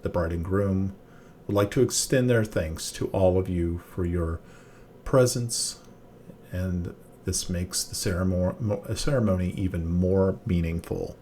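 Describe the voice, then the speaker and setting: A man's voice: a little slow, a little mellow, a little hiss or hum. A man voicing a young, solemn wedding priest. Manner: formal, booming and solemn.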